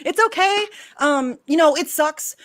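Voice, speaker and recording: A woman's voice: sits high, unhurried, fairly bright tone, no echo, studio quality. A young woman ranting with heat and sarcasm, swearing freely in a livestream chat. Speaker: guest. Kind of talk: heated livestream talk.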